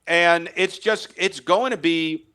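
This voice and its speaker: A man's voice: high-pitched, slow, pushed and bright, clean tone. A man co-hosting a sports podcast, making emphatic predictions in casual debate and chuckling at his own takes.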